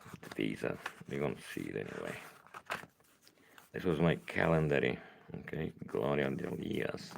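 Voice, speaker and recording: A tired, middle-aged man from Ukraine speaks with a Ukrainian accent in a very deep, heavily gravelly voice. He rambles slowly from one thing to the next, his pitch moving a lot. A faint hiss sits under the home recording. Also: a little mellow. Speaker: vlogger. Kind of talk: casual monologue to camera.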